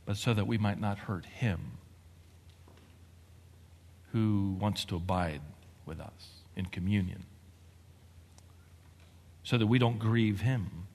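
A man preaching a sermon as a pastor, talking with animated emphasis that climbs to excitement. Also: fairly low pitch, big-room sound.

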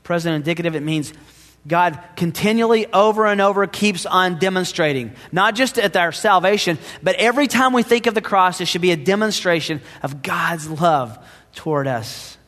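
A man preaching in a church, his fairly high voice ringing out with a long hall reverb behind it. He is dramatic, rising into loud emphasis and then dropping to hushed asides. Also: moderate pace. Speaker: pastor. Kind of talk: sermon.

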